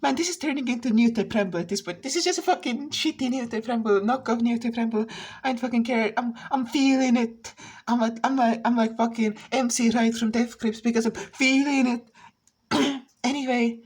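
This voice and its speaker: A woman's voice: on the high side, normal speed, darkish tone, husky. A woman vlogger in a rambling, profane rant, full of restarts and asides. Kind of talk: casual ranting commentary.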